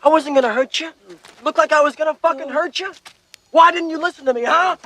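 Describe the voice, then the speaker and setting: A man's voice: very high voice, brisk, pushed and bright. An actor playing an enraged male soldier who screams threats and curses during a war film scene.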